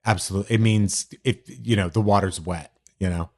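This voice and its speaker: A man's voice: low voice, steady tone, brisk, darkish tone. A man co-hosting a podcast in casual chat, with a dry, wry sense of humor. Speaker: podcast co-host.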